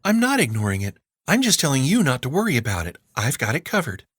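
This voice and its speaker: A stubborn teenage girl with a raised, sassy tone and quick, dry comebacks, put on by a male audiobook narrator. Her voice sits well above his own deep register and bounces around as she deflects. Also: huge pitch swings, fairly bright tone, husky, no echo, heavily acted.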